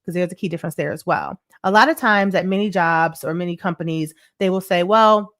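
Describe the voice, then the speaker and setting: A woman's voice: lowish voice, fast. A woman hosting a money show, telling a story in a chatty, repetitive way and reading out viewer comments. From United States. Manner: chatty storyteller, repeats points, asks "right?" often; reads viewer comments aloud. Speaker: show host. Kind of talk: casual livestream money talk.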